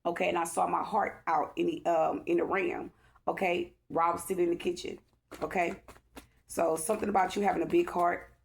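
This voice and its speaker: Earnest woman tarot reader, gravelly lower voice, rambles and keeps checking in with her listeners. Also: flat delivery, fairly quick. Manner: rambling, checks in with repeated "okay?"; earnest, emotional. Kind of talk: casual spiritual tarot reading.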